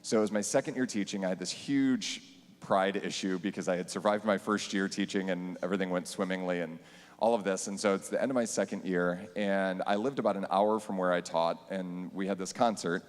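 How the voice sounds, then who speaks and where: A man's voice: deep voice, fairly even intonation, brisk, long reverb tail. A man who teaches band, telling a funny story about his teaching on a church panel, laughing as he goes.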